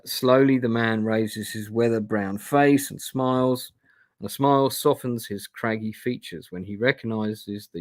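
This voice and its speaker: A man's voice: mid-range voice, dry recording. Guy reading a gamebook on stream, chatty, mid voice, dry sound. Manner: chatty, self-deprecating asides. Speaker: host playing a gamebook live. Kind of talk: casual live-stream narration. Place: indoor room.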